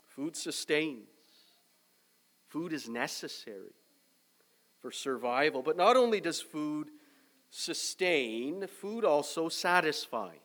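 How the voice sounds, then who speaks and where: A male pastor delivers a sermon at an unhurried, deliberate pace. His voice sits somewhat high for a man, and he lands each phrase with measured emphasis. It is steady preaching rather than chat. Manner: measured preaching, loud emphatic start easing to quieter reflective tone.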